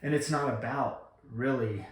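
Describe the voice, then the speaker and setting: A man's voice: mid-range voice, a little slow. A man talking to the camera in a reflective gratitude vlog, earnest and rambling, with many ums and restarts. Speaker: vlogger. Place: room at home. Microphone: camera mic. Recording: echoey room.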